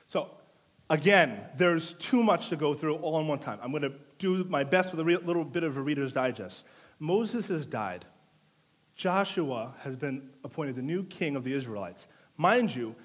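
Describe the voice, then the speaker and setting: A male pastor preaching a sermon in a playful way, teasing the congregation and drawing people up front to take part. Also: a little high. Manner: animated storytelling with audience participation.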